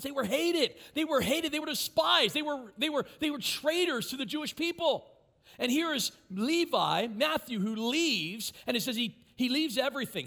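A man preaching a sermon as pastor, animated and emphatic, with repeated phrases. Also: high-pitched, gravelly.

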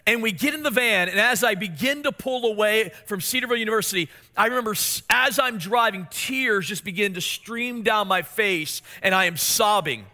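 A male pastor in his forties preaches with a high, bright, ringing voice. He tells family stories in an animated way and turns to his listeners with questions. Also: moderate pace, hardly any pauses. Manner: storytelling, animated, asks the congregation questions. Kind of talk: sermon.

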